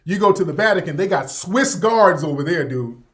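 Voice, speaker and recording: A man with a voice pitched high for a male talks in a loose, animated monologue as a radio host. He jokes, swears freely and uses a lot of slang. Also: moderate pace. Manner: animated, joking, profane, street slang. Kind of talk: casual monologue commentary.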